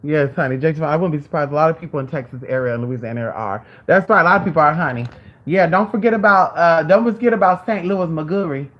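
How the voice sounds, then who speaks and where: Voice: mid-range voice, fast talker, dull audio. A host chatting casually at home with viewers, calling everyone "honey" and talking to their dog between remarks. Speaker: live-stream host.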